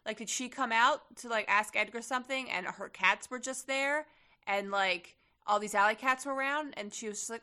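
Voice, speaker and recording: A young woman chats casually as a podcast co-host, rambling through her thoughts with plenty of fillers and the occasional swear. Her voice sits a little high, with a bright edge to it. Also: normal speed. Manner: chatty, lots of fillers and profanity. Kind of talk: casual chat.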